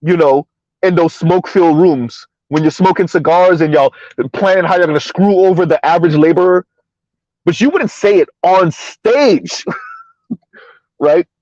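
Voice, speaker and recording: A man's voice: high-pitched, normal speed, a little mellow, dry recording. A man hosting a casual commentary vlog who chuckles often and keeps asking his audience "right?". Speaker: host, social commentator. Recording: dull lo-fi recording, dry.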